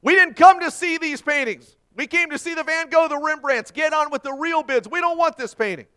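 A man shouting as an angry heckler at an auction. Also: extremely high pitch, expressive, moderate pace, pitched above the performer's own voice. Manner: shouting abrasively. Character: angry impatient male bidder at an auction.

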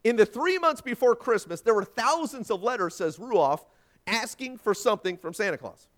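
A male pastor delivering a sermon in a high, lively voice that leaps across his range. He swings from loud emphasis to a hushed near-whisper and drops in folksy asides to the congregation. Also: normal speed.

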